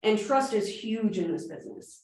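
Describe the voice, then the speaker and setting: A woman in her thirties giving a lively real estate training talk to a room, asking questions as she goes. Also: mid-range voice. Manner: fast-talking, energetic, asks the room questions. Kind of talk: live training presentation. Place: meeting room with audience. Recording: very echoey room, from a distance.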